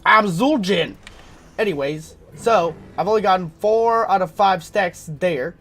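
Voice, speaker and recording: A man commentating his own gameplay in a casual, rambling way, full of fillers and throat-clearing because he is sick. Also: high-pitched, measured pace, a little hiss or hum. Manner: rambling, filler-heavy, thinking aloud.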